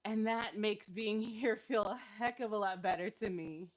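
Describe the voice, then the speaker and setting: A woman's voice: mid-range voice, steady tone, normal speed. A woman leading a live-streamed workout as fitness instructor, encouraging and laughing often while she is cramping and feeling unwell.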